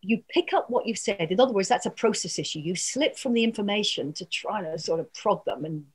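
Husky-voiced woman coaching earnestly. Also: medium pitch, animated, a little fast. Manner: earnest, coaching, frequent asides and laughs. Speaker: communication trainer. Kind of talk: workshop talk.

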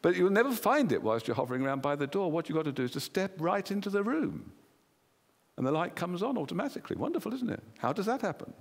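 English preacher with hall reverb. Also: male voice, high-pitched, big pitch swings, fast talker. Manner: earnest, rhetorical questions to the congregation. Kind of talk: sermon. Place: church hall.

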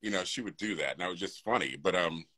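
Male host, very low and husky, bright edge, relaxed chat. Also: quick pace, poor audio. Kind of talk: casual conversation.

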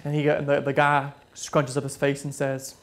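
A man preaching a sermon, telling a story with frequent halting restarts and repeated words. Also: medium pitch, completely flat delivery. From southern United States.

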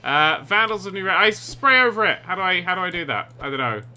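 A man commentating over a video game he is playing, excitable and sarcastic, swearing often. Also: high-pitched, fast. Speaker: gaming commentator. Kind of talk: let's play commentary.

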